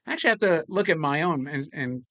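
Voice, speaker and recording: A man's voice: a little high, expressive, fast, sharp tone, dry recording. A man hosting a casual unboxing chat, rambling and swearing casually as he talks. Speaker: toy collector host.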